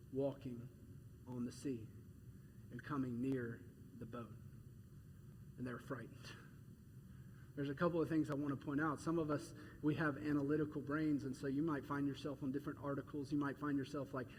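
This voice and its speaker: A man preaching a sermon as pastor, conversational and animated, telling stories with quick laughs. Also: mid-range voice, a little hiss or hum. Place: church auditorium. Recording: echoey hall with faint ambience.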